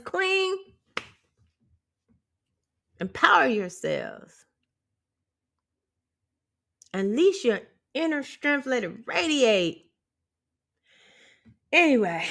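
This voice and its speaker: A woman's voice: a little high, sharp tone. A woman vlogger giving a casual motivational rant to viewers. She is blunt and profane, sassy, and laughs often. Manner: sassy, talks straight to viewers. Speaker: empowerment vlogger.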